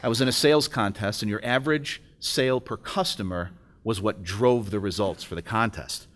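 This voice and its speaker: A man's voice: fairly low pitch, normal speed, fairly bright tone. A middle-aged man giving an emotional personal testimony at a breakfast event, telling a story and acting out the dialogue. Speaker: speaker at a business breakfast. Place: event hall.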